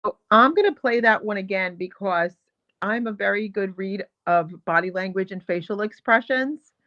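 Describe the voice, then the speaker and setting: A woman's voice: medium pitch, normal speed. Indignant female host, emphatic and repetitive, slightly muffled lo-fi stream sound. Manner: indignant, emphatic, repeats herself. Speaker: show host. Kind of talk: heated commentary on video clips.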